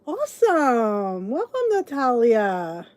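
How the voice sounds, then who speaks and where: Chatty woman host, lively high voice. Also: slow, dry recording. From United States. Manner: chatty, greets viewers by name, frequent laughs. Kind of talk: casual livestream chat.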